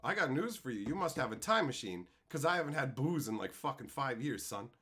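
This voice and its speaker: High, lively man ranting on stream. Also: fairly quick, hardly any pauses, breathy edge. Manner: loud, profane, mock-angry ranting. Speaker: streamer opening card packs. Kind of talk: live-stream banter reading chat.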